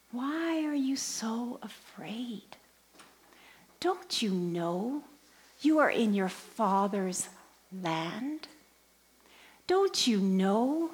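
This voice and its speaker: A woman quoting a kindly old priest, slow and soft. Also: fairly high pitch, exaggerated voice. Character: kindly old male priest, gentle and calm.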